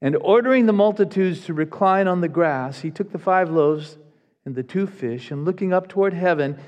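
High-voiced male preacher in a reverberant hall. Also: expressive, moderate pace, a little mellow. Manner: emphatic, earnest preaching with repetitions. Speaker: pastor. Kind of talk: sermon. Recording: long reverb of a large hall.

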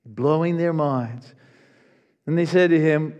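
High-voiced male preacher in a reverberant hall. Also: slow, pauses often, darkish tone. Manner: emphatic, earnest preaching with repetitions. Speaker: pastor. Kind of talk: sermon. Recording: long reverb of a large hall.

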